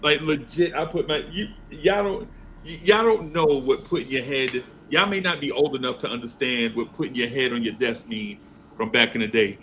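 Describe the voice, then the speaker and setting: A man's voice: medium pitch, normal speed, slight background noise. A man hosting a casual sports talk show, telling stories with animation and acting out other people's voices. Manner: animated storyteller, acts out voices. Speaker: podcast host.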